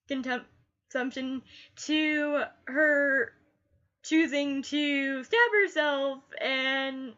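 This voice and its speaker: A woman with a bright, high voice talks through a TV episode at an unhurried pace. She gushes and often repeats the last word she said. The recording is a little dull and lo-fi. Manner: gushing, repeats last words like an echo. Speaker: TV reviewer. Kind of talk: casual spoken review.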